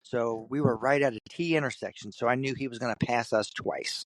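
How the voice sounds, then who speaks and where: A man guest in an interview, from Kentucky, telling a story in an animated way and putting on the voices of the people in it. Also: mid-range voice, a little fast, no room sound. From Kentucky, USA. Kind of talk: storytelling in conversation.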